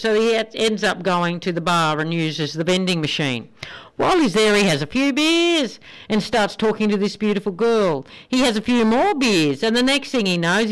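A woman with an Australian accent hosting a radio show, chatting upbeat about sport and telling jokes. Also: medium pitch. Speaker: radio host. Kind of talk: casual radio DJ chat.

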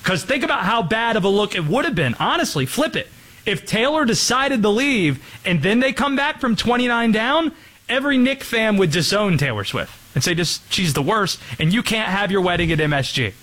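Sports talk guy needling his cohost, highish voice, bright and bouncy. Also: sing-song, moderate pace. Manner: teasing, needling, mock-serious. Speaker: sports show host.

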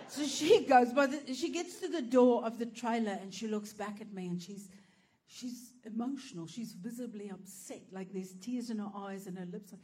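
A woman's voice: a little high, moderate pace, darkish tone. A woman telling a brash, profane, self-mocking stand-up story, laughing through her lines. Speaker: stand-up comedian.

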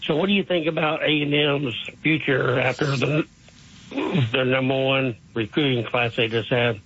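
A man's voice: mid-range voice, steady tone, moderate pace, fairly bright tone, breathy edge. A man calling into a sports radio show with friendly, direct questions. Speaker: caller. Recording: muffled phone-in audio.

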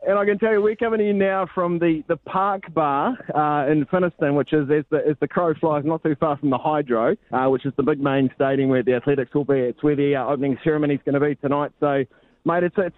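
A New man, a sports reporter, calls in over a dull, lo-fi phone line. His voice sits a little high for a man, and he talks in a loose, rambling, deadpan way, with plenty of restarts. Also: a little fast, no room sound. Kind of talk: casual phone-in chat.

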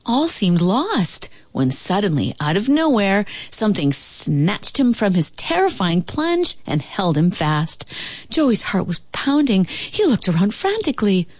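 A woman narrating a children's storybook aloud, expressive with dramatic pauses. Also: mid-range voice, no echo.

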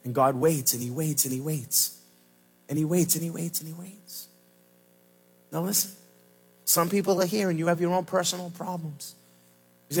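A man pastor preaching a sermon at a church service, swinging from shouted lines to low, slow emphasis. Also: husky.

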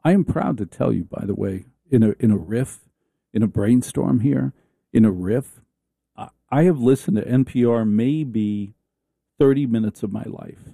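A male talk-radio host on a comic rant, sarcastic and rambling, stumbling and restarting as he riffs. His tone is deep and mellow. The studio sound is dry and close. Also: normal speed, gravelly, breathy edge, dry recording.

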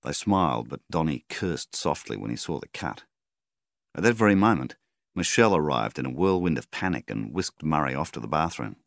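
A very deep, gravelly Australian man narrates a rural story in steady storybook fashion. His delivery rises and falls with lively intonation, and the recording is close and dry. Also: normal speed, dry recording. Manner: steady storyteller, voices the characters. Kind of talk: audiobook narration.

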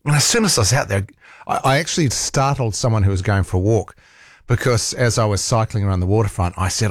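Fast-talking and fairly low-pitched, a male talk radio host with a New Zealand accent chats in a rambling, casual monologue full of fillers and restarts. The studio microphone captures him with no echo.

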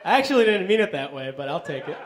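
A man doing a stand-up set with dry, deadpan one-liners. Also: on the high side, quick pace, crowd noise, noisy background. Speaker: stand-up comedian.

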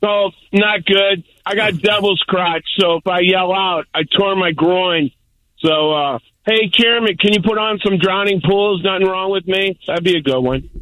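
A man's voice: high-pitched, measured pace, pushed and bright, no echo, rough recording. An older man calling in to a radio show, telling a rambling, boisterous story. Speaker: caller. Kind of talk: call-in radio chat.

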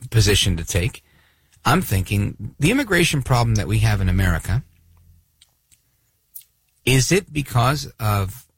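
A man hosting a talk radio show, giving sarcastic, animated commentary. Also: fairly low pitch, creaky, slightly rough, no room sound. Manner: sarcastic, animated, acts out voices of others.

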